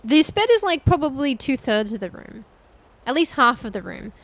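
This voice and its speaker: A woman's voice: high-pitched, sing-song, moderate pace, no echo, low-quality recording. A woman streaming a game and chatting casually with viewers, thinking aloud and swearing now and then. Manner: chatty, addresses viewers directly. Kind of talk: casual gameplay commentary.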